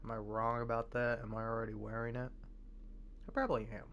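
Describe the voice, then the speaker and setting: A man in his forties with a gravelly smoker's voice, giving rambling, self-mocking, profane commentary while streaming a game. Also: medium pitch, little pitch movement, fairly quick, highs cut off, background noise. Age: 40s. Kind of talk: casual gameplay commentary.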